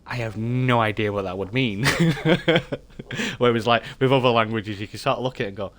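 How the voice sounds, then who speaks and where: A man's voice: medium pitch, moderate pace. A man streaming a game live, chatting with viewers in a rambling, thinking-aloud way and muttering to himself as he works. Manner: mutters quietly to himself during tasks. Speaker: streamer playing a mechanic game.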